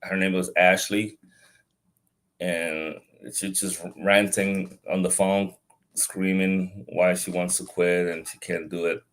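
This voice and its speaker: A man speaking as a business consultant and guest in a casual interview, relaxed and halting, often repeating words as he thinks. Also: sits low.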